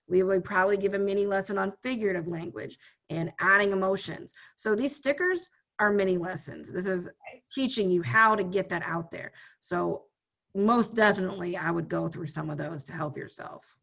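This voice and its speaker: Woman, teacher, recorded lesson, gravelly, lowish voice, steady. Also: brisk.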